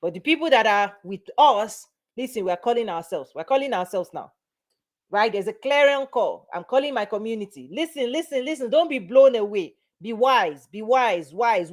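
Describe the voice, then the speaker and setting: A middle-aged woman, a business and mindset coach, giving a motivational talk to camera in an emphatic manner, repeating phrases for emphasis. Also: mid-range voice.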